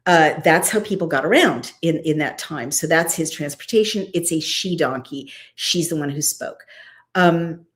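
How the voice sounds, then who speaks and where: Lively woman talking through a scripture story. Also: sits low, normal speed. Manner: lively, conversational, frequent asides. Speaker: host. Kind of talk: casual scripture commentary.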